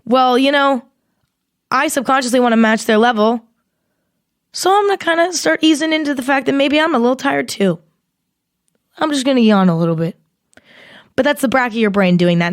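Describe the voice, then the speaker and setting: A young woman hosting a casual solo podcast, rambling and swearing as she talks in an animated, exaggerated way into a close mic. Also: on the high side, a little fast, long pauses, no room sound. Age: young adult. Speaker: podcast host.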